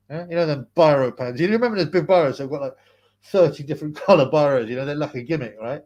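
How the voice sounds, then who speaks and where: A man's voice: on the high side, fast, darkish tone, muffled recording. A man chatting on his livestream, rambling and repeating words, answering viewers' comments with frequent laughs. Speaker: livestream host. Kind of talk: casual livestream chat reading comments.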